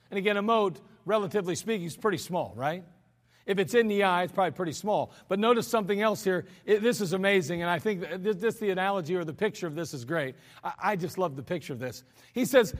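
At a quick pace and in a high-pitched voice, a male pastor preaches an earnest sermon in a conversational style, adding humorous asides. The archived recording from the church sanctuary has long hall reverb.

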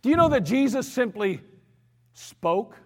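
A man preaching an emphatic sermon, slowing down and repeating lines for stress. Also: very high-pitched, very animated, darkish tone, long reverb tail. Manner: emphatic, repetitive, slows for stress.

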